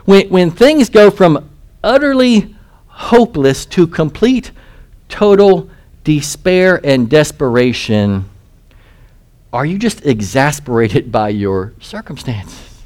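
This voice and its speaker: Lively, high-voiced male preacher. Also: slow. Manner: reads scripture then asks listeners rhetorical questions. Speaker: pastor. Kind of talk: expository sermon.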